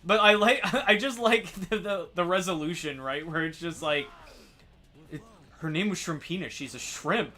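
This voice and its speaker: A man's voice: on the high side, normal speed, pushed and bright. A man chatting casually as a stream co-host, agreeable, swearing and laughing often.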